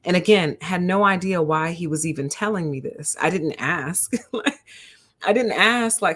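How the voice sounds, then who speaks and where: A woman hosting a livestream, telling a story to her chat in an animated way and calling her listeners honey and y'all. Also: on the low side, moderate pace. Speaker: host.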